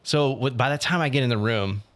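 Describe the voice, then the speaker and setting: A young man co-hosting a podcast, telling a story in a casual, animated way and acting out what other people said. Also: medium pitch, fairly quick. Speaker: podcast co-host. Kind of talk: casual chat.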